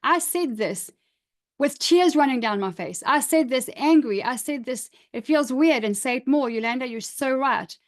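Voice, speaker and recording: Middle-aged woman coach, slightly high voice, upbeat and emphatic, encouraging workshop style. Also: animated, normal speed. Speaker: image coach. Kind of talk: live online workshop, reading out participants' comments.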